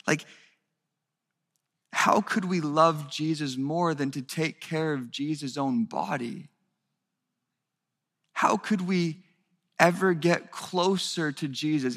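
This pastor's voice is a little high, bright, and pushed as he preaches to his church. The sermon is earnest and climbs in intensity, recorded in a reverberant hall.

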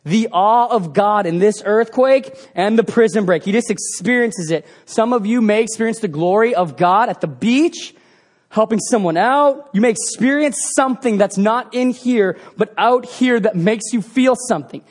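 A man preaching a sermon, telling the story with animated sound effects and swinging between loud bursts and hushed passages. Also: sits high, moderate pace.

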